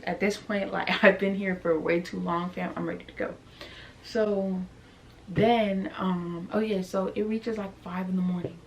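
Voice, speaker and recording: A young woman vlogger tells a casual storytime, chatty and animated, leaning heavily on fillers like "like" and "you know what I'm saying." She has a medium-pitched voice and a measured pace, with slight background noise.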